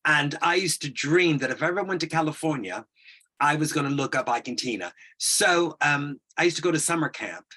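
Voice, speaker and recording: Husky, bright-voiced man in his 60s. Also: on the high side, fairly quick. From United States. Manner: animated, acts out voices in his stories. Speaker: guest. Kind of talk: anecdotal storytelling.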